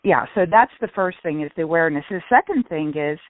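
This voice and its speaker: A middle-aged woman speaking earnestly in a casual radio talk, often restarting and slowing down to stress points. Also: sits low, animated, dry recording. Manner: earnest, with restarts and slow emphasis. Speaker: guest speaker on shame and guilt. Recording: tinny phone-like radio sound.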